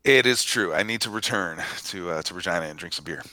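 A man in a casual podcast chat who explains brewing with easy patience. His voice sits low yet sounds bright and crisp. The sound is dry and close. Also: fast, dry recording. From Minnesota. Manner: explanatory, easygoing, laughs often. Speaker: brewing expert guest.

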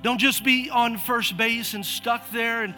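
A pastor preaches with high, bright energy, his voice pitched unusually high for a man. He urges his church on, calling out members by name and pressing "come on" again and again, while soft music plays beneath. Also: fairly even intonation, a little slow. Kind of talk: lively sermon to a congregation. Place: church auditorium.

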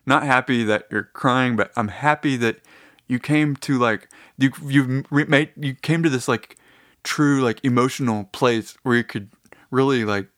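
A man hosting his own podcast, talking off the top of his head with many fillers and restarts, now and then jumping into high, silly voices. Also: measured pace, fairly bright tone, no room sound, clean studio sound. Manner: rambling, lots of fillers and restarts; slips into high mock-emotional voices for imagined listeners. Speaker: podcast host. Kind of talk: rambling solo podcast.

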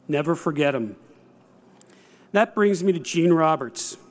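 Man, sixties, speech giver: measured storyteller, dry wit, slightly high voice. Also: darkish tone. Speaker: speaker. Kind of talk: prepared speech.

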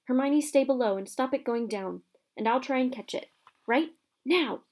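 A woman's voice: high voice, moderate pace, darkish tone, voice pushed up. Earnest young boy wizard in a storybook reading , a woman voicing him; urgent, calls out.

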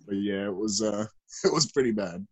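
A man's voice: on the low side, moderate pace, slight background noise. A man telling a story in casual chat, laughing now and then.

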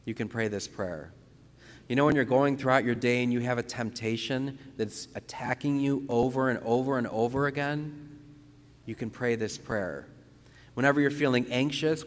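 Male priest leading guided prayer, slow and calm, long reverb on the recording. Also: mid-range voice. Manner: slow, calm, repeats phrases with pauses for breathing. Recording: long reverberant room sound.

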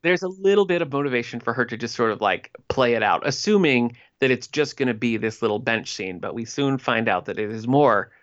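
A woman's voice: a bass voice, expressive, brisk, hardly any pauses. Chatty wry woman on lo-fi audio. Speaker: podcast co-host. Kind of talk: casual chat recapping a TV episode.

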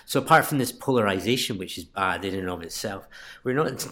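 A man columnist in a podcast discussion, talking thoughtfully and a little hesitantly, with frequent pauses and fillers. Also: deep voice, expressive, a bit bright. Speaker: guest columnist.

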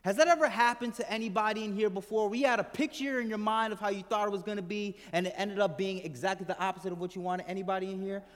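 Male pastor, high-ish voice, conversational sermon delivery with soft trailing endings, reverberant sanctuary. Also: fast talker, hardly any pauses. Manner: conversational, asks the congregation questions; drops to a soft low voice at the end of phrases. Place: church hall with congregation. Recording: hall reverb from the room.

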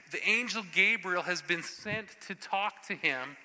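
A man preaching a sermon in an animated, conversational way, acting out scripture scenes. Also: sits high, a little slow, long reverb tail, low-quality recording.

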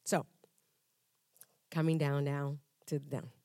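Woman, church testimony, animated conversational storyteller, dry close sound. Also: low voice, takes it slowly, dry recording. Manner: animated storyteller, acts out dialogues with humor; conversational with frequent restarts. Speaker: church member giving testimony. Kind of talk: personal testimony to a congregation. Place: church hall before a congregation.

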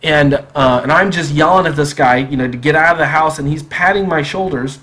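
A man's voice: a little high, brisk. Man telling a story on a podcast. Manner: animated, acts out quoted dialogue. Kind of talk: casual spoken storytelling.

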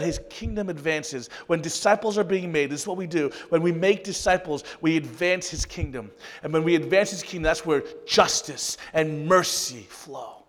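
A man preaching a sermon to his congregation, earnest and emotional, his delivery swinging from loud, rising peaks to hushed, soft passages. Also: high-pitched, moderate pace, hardly any pauses, long reverb tail. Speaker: pastor.

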